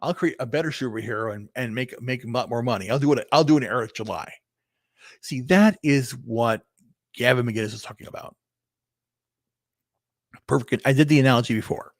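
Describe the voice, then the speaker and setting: Talking fairly quickly and pausing often, a fifties-aged vlogger rambles through a solo livestream, restarting, repeating words and swearing casually as he thinks aloud. The mid-range voice is studio quality with no room sound.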